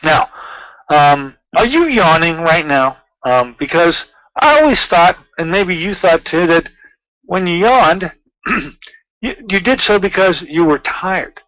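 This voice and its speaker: Male talk-show host, rambling and chatty, fairly high voice, dry dull lo-fi sound. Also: animated, takes it slowly, dry recording. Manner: chatty, rambling, with frequent fillers. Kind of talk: casual talk-show monologue.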